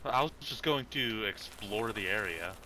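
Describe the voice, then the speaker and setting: A man chatting as a fellow player in a survival game, laid-back and slow, with dry jokes. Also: on the low side, animated, bright, forceful tone, rough recording. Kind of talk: in-game voice chat.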